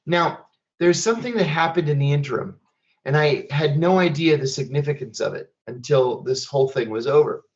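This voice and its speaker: A middle-aged man giving a speech, telling his story in a measured, deliberate way with wry asides. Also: on the high side, dull audio. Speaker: speaker at a public event.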